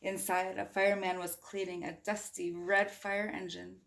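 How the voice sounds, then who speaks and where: A woman's voice: medium pitch, level tone, normal speed, vocal fry, fairly bright tone. Playful woman reading a storybook aloud. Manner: playful, chatty, talks to listeners. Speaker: storybook reader. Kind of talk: children's read-aloud with chatty asides.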